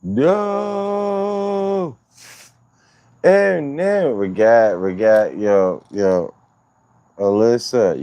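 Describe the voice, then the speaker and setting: A man's voice: medium pitch, very slow, pauses often, dark tone, smooth, dry recording, highs cut off. A man hosting a livestream, chatting casually with viewers in loose, profane, rambling banter. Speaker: livestream host.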